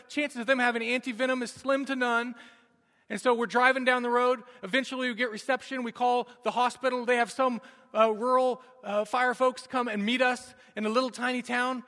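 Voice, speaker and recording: A man in his thirties delivers a sermon, moving from loud urgency to near-whispered moments. His voice sits high and rings bright. A long reverb from a large hall trails each phrase. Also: steady tone, a little fast. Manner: dramatic storytelling, swinging from loud urgency to hushed. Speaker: pastor. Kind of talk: sermon with personal story.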